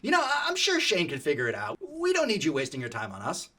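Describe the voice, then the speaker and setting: A man voicing a panicky, jittery young man on a road trip, talking high and frantic. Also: wildly swooping pitch, fast, pushed and bright, heavily acted. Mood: nervous.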